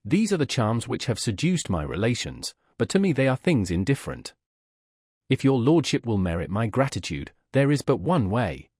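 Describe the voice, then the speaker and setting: A proud, distressed young gentlewoman from a storybook reading, voiced by a man. She pleads earnestly, her lines rising and falling with feeling. The sound is dry and close. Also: medium pitch, very animated, normal speed, husky, no room sound. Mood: pleading.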